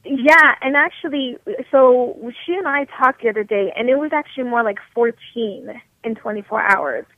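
A woman from New York in her thirties, a motivation coach talking as a radio guest in a blunt, energetic, straight-talking way over the phone. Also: fairly high pitch, normal speed, no room sound. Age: 30s. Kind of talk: radio interview. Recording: tinny phone line, dry.

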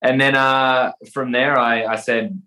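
Young Australian man, guest actor, hesitant and rambling, mid-pitched, everyday voice. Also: fairly even intonation, measured pace, bright, forceful tone, poor audio. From Perth, Western Australia. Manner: rambling, hesitant, many fillers and restarts. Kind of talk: casual interview chat.

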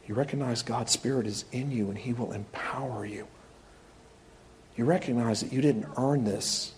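Man, middle-aged, pastor, sermon, animated storyteller, acts out voices, very expressive pitch. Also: measured pace, slight background noise.

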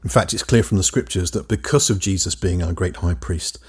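Man, Bible teacher, husky voice, low pitch, emphatic scripture reading, dramatic pauses. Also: a little mellow.

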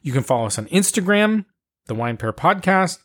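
A man's voice: high-pitched, very animated, moderate pace, fairly bright tone. A middle-aged man co-hosting a podcast in casual chat, rambling and joking with plenty of fillers. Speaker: podcast co-host.

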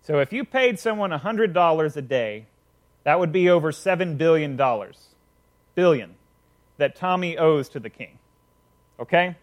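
A man's voice: fairly high pitch, animated, moderate pace, pauses often. A man preaching a casual sermon, retelling a parable conversationally with frequent check-ins to listeners.

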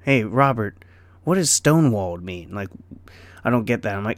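A man's voice: on the low side, animated, moderate pace, pauses often, no room sound. A middle-aged man rambling casually in a vlog, self-deprecating and laughing often, with lots of fillers. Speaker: vlogger.

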